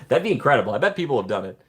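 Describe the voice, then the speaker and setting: A man hosting a casual livestream, rambling and joking while he reads viewer chat. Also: medium pitch. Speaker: livestream host.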